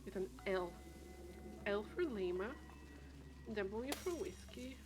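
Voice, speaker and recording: A woman's voice: medium pitch, takes it slowly. A woman streaming a game, chatting casually and thinking aloud with many restarts and trailing thoughts. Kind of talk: casual gameplay chat. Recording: steady background noise.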